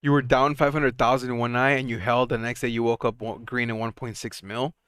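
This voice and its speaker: A young man hosts a live stock market stream in a casual, excitable way, chatting to viewers and laughing between points. His voice is smooth and clear at a middle pitch. The sound is close and dry, with almost no room. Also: fairly quick, no echo. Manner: excitable, chatty, laughs often, trails off and restarts. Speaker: stock market livestream host.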